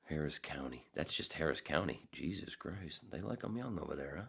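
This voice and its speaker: A man's voice: rumbling low, a little fast, creaky, slightly rough. A man in his fifties hosting a podcast, ranting in a profane, rambling way. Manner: profane, rambling, animated, acts out voices. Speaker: podcast host. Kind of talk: casual podcast rant.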